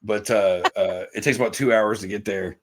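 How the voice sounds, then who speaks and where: A man talks in a loose, rambling way, swearing freely and poking fun at himself. His voice sits a little low. He chats casually on a podcast. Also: steady tone, normal speed, noisy background. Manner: rambling, profane, self-mocking. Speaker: podcast guest, musician.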